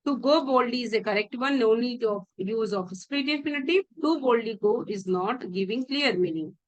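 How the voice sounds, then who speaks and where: A woman with an Indian English accent teaches English grammar for exam prep. Her voice sits high, and she talks patiently, repeating key phrases and restarting words as she explains. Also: normal speed, poor audio.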